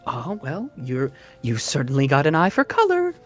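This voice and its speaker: A man voicing a chipper, courteous gentleman stranger with a sing-songy manner in a tabletop game. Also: medium pitch, wildly swooping pitch, normal speed, soft background music. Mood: curious.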